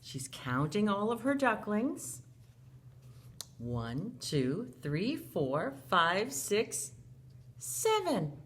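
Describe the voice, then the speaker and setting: A woman teacher reading a picture book aloud to young children in an animated way, gasping and asking them questions. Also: medium pitch, drawn-out words, slight background noise.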